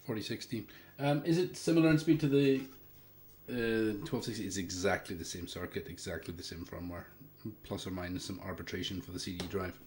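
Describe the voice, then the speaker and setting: A man's voice: low-pitched, a little fast, darkish tone, slight background noise. A man from the Isle of Lewis with a Scottish accent, hosting a casual livestream and answering viewer questions in a rambling, hesitant way full of fillers. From Isle of Lewis, Scotland. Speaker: livestream host, hobbyist hardware maker.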